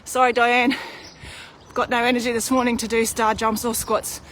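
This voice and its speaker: A woman's voice: a little high, flat delivery, normal speed, fairly bright tone, slight background noise. A woman in her thirties, out of breath, chatting candidly in a live video while pushing a pram uphill outdoors. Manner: chatty, candid, self-deprecating. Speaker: vlogger. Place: outdoors on a hilly street.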